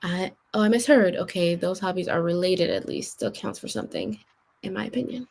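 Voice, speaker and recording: Gravelly-voiced woman, relaxed and wry. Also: fairly low pitch, a little fast. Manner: wry, relaxed, reads chat comments. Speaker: writing sprint host. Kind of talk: casual chat among writers.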